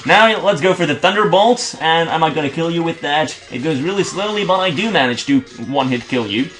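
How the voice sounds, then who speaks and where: Excitable young man commentating a game. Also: fairly high pitch, fairly quick. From Belgium. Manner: swears and grumbles at the game. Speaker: video game let's play host. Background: faint game music.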